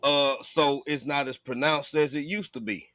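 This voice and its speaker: A man's voice: medium pitch, moderate pace, pushed and bright, no room sound, clean studio sound. A man hosting a casual chat, talking bluntly and with lots of profanity. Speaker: host.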